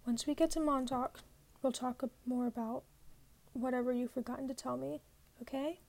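A woman reading aloud and voicing a gentle, patient mother who speaks softly and evenly. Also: high voice, normal speed, vocal fry. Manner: soft, even, soothing.

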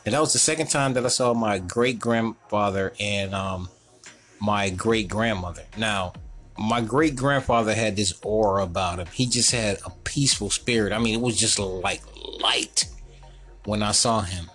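A man telling a childhood story in a casual, animated way, laughing often and talking in loose slang. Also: lowish voice, normal speed, faint music behind. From North Carolina, US. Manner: animated, laughing, slangy, repeats "you know what I'm saying".

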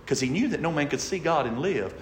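Male preacher, high voice, emphatic sermon, booming echo, long church reverb. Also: lively intonation, quick pace, far from the mic, a little hiss or hum. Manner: emphatic, rising to shouts then dropping very low. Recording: echoey hall with long reverb.

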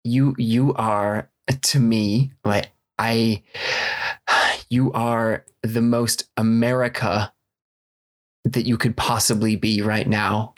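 A man's voice: lowish voice, little pitch movement, slow. A man co-hosting a comedy podcast, mock-soothing and full of hesitations. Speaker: podcast co-host.

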